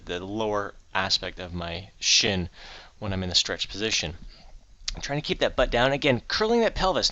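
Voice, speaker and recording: A man's voice: on the low side, sharp tone, lo-fi sound. A middle-aged man vlogging his day and explaining exercises in a casual, upbeat way, with frequent fillers. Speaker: fitness vlogger. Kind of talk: casual vlog and exercise instruction. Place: home office, then a gym.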